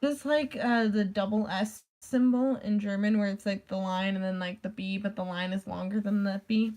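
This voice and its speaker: A woman's voice: medium pitch, steady tone, normal speed, a little mellow. A young woman ranting casually in a vlog, rambling with constant "like" fillers and casual swearing. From United States. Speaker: vlogger. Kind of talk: casual rant.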